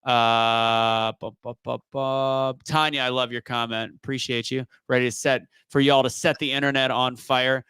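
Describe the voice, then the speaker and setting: A man's voice: medium pitch, level tone, normal speed, hardly any pauses, bright, forceful tone, clear, resonant tone, dry recording. A man hosting a casual live-stream chat, rambling and teasing his co-host. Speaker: show host.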